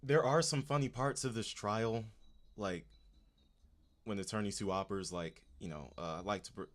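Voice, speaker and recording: A man with a very low voice hosts a casual livestream and chats directly with his viewers. He talks loosely, in slang, with plenty of "you know what I'm saying" asides. Keep it conversational and personal. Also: measured pace. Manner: laid-back slang, talks straight to chat. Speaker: livestream host.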